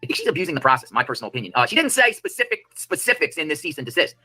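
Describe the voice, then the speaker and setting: A man ranting as a live-stream host, fast and emphatic. His bright, forceful voice climbs and drops across a wide range as he piles on question after question. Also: a little high, very animated, breathy edge, soft background music, poor audio. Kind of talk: ranting commentary.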